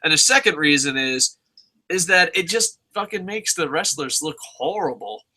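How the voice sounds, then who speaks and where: A man's voice: on the high side, expressive, normal speed, pushed and bright. A young man co-hosting a casual wrestling review podcast, swearing constantly and acting out his reactions in profane rants. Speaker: podcast co-host.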